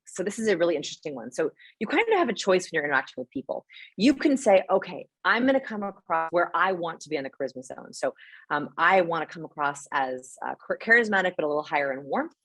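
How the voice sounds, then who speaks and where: A young adult woman answering webinar questions as a guest expert, animated and explanatory, often checking in with "right?". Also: fairly low pitch, husky, no room sound. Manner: animated, explains with quick asides and rhetorical "right?". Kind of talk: live webinar Q&A.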